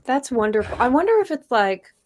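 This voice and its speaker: A woman co-hosting a casual stream, chatty and quick to laugh. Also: high voice, big pitch swings. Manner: laughing, chatty, reacts often. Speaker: co-host.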